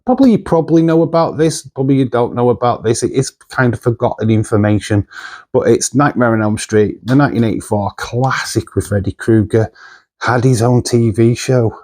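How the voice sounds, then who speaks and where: A man's voice: medium pitch, fairly quick, a little mellow. A man from the UK, hosting a movie channel in a loose, rambling chat full of fillers and asides.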